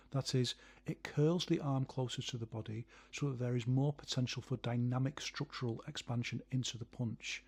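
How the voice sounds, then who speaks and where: A man's voice: medium pitch, vocal fry, a little mellow, breathy edge. A man teaching a martial art, explaining punch combinations step by step and counting out their rhythms. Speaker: martial arts instructor. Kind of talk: instructional video narration.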